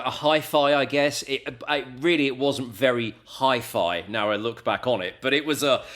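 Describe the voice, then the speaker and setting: A man from Essex with an English accent, a radio presenter chatting casually as an interview guest, animated and full of quick asides. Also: mid-range voice. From England (Essex). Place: home in the US, remote call.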